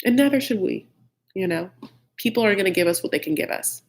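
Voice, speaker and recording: A man's voice: sits high, lively intonation, brisk, vocal fry. A man hosting a live chat recap of a reality show, gossipy and blunt, with frequent "like" and mocking impressions of the cast.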